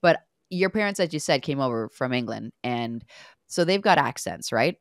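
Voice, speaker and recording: A woman with a notably low voice, co-hosting a relaxed podcast chat. She tells stories animatedly and slips into the voices of the people she quotes. The sound is close and dry, with no room around it. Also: moderate pace, dry recording. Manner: animated storyteller who acts out quoted lines. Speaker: podcast co-host, former hockey player.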